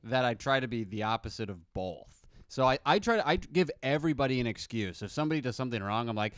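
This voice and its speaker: A guest comedian from Astoria, New York, chats casually on a podcast, telling stories with animation and acting out quotes in shifting voices. His mid-range voice moves fast, and the studio sound is clean with no echo.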